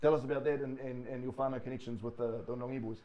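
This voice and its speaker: A man's voice: mid-range voice, fairly even intonation, muffled recording. A New Zealand man co-hosting a casual podcast, asking the guest questions. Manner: fast talker with many fillers and restarts. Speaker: podcast co-host. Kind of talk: casual chat.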